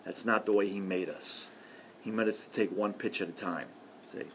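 A man preaching a sermon in a conversational way, often adding "see" and "okay", and swinging from loud emphasis to quiet murmurs. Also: lowish voice, fairly even intonation, moderate pace, a little hiss or hum.

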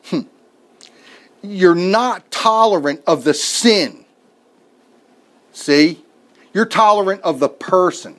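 A middle-aged man preaching a sermon, telling a family story with folksy jokes and asides. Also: high-pitched.

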